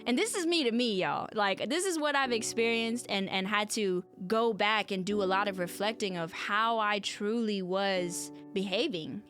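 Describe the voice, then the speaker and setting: Her voice sits fairly high and sounds fairly bright, moving at a moderate pace with faint music underneath. She's a podcast host doing reflective solo talk, earnest and conversational, with frequent direct appeals to her listeners.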